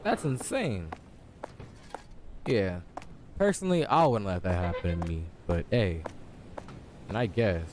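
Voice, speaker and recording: Animated young man joking through a horror game. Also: lowish voice, measured pace, long pauses, over music. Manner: jokey, reacting aloud and talking to game characters. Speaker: gaming YouTuber. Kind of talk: horror game let's-play commentary.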